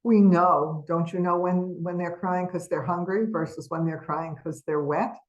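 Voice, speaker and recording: Woman webinar presenter, low register, unhurried, emphatic, asks the audience questions. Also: steady tone, dull audio. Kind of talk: educational webinar lecture.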